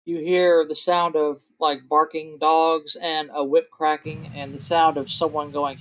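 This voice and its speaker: Brief: a man running a tabletop game, his voice a bit high, loose and easygoing as he narrates. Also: unhurried, few pauses. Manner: relaxed, laughing narration with fillers. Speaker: game master.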